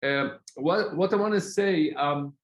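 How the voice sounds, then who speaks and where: A man from Palestine, speaking as a guest in an online talk in an earnest, halting way, often searching for words. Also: fairly high pitch, roomy sound, rough recording.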